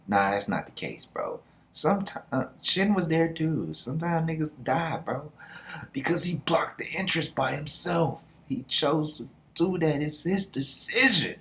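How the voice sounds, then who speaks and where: A man's voice: on the high side, big pitch swings, a little slow, a bit bright. A man hosting a casual manga reaction, talking in a loose, slangy way with laughing asides.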